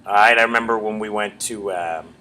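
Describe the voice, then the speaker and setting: A middle-aged man with a lowish voice who tells his stories in a crude, self-mocking, animated way. He talks as a comedy club owner and comedian being interviewed at an open mic night in a bar. A faint room ambience hums behind him. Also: brisk, a little hiss or hum. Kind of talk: storytelling in an interview.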